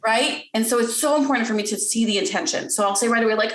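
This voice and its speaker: On a podcast recording, a woman guest with a slightly high, somewhat bright voice talks fast in a reverberant space. She earnestly walks through parenting step by step, acting out things a parent or child might say.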